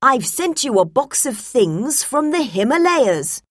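A cheerful explorer father from a storybook, talking with enthusiasm, as a woman reading aloud puts him on. The voice stays only a little above her own, slow and dry, with a lively tone. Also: high voice, breathy edge, no room sound, voice pushed up, full character voice. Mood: enthusiastic. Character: cheerful adult male explorer dad.

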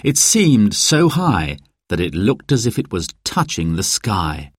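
A man narrating a children's storybook slowly and clearly. His lowish voice moves expressively, and the recording is close and dry with no room sound. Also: no room sound. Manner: slow, clear, expressive reading. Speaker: audiobook narrator.

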